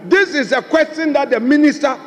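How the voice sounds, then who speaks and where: A man's voice: extremely high pitch, fairly quick, a bit bright. A man, the minority leader, pressing a question insistently during a parliamentary debate. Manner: insistent, repeats his challenge. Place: large parliament chamber. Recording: long reverb of a large chamber.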